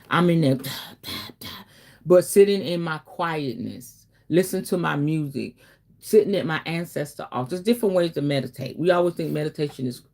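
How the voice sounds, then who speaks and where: Woman host, lower voice, casual spiritual teacher, chatty and preachy. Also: gravelly. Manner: chatty, preachy, affectionate, says baby and okay often.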